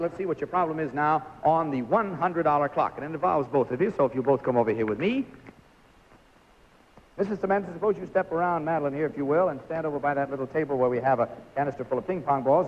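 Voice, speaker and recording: Upbeat guy hosting a 50s tv game show, voice jumps all over, kinda muffled vintage broadcast. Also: on the high side. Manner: jovial, coaxing, laughing instructions to contestants. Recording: lo-fi 1950s television audio.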